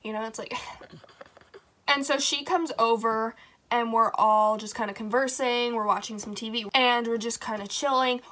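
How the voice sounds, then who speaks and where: A woman telling a casual storytime vlog, chatty and animated, swearing freely. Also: on the high side, a little slow. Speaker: vlogger.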